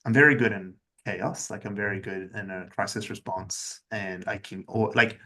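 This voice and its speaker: A man speaks in a low-pitched voice as a podcast guest, telling his own story plainly and without drama. His delivery stays even-keeled and candid, with many casual fillers. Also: normal speed. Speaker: podcast guest, agency founder. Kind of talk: personal storytelling in an interview.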